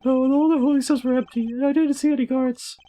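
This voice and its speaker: A man's voice: extremely high pitch, fairly even intonation, dark tone, voice pushed up. A man voicing a timid, apologetic young male prisoner who stammers and halts, for a game read-through. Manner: stammering, halting.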